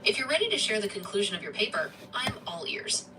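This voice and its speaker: A woman's voice: medium pitch, sing-song, fast talker, far from the mic, noisy background. A synthetic female assistant voice, eager, polite and helpful.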